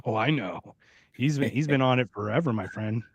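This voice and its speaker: A man co-hosting a podcast in casual chat, excitable and sarcastic, swearing often. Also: medium pitch, a little fast, no echo. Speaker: podcast co-host.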